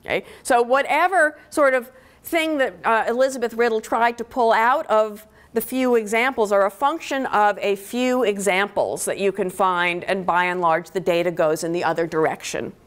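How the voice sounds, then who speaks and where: A woman's voice: medium pitch, normal speed. A woman professor giving a university lecture on linguistics, explaining step by step and often checking in with "okay?" between points. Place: lecture hall.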